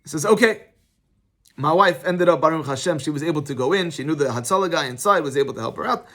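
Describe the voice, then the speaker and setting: High-voiced rabbi telling stories. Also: male voice, rapid-fire. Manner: conversational, storytelling, animated. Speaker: rabbi teaching a class. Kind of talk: informal Torah class with personal anecdotes.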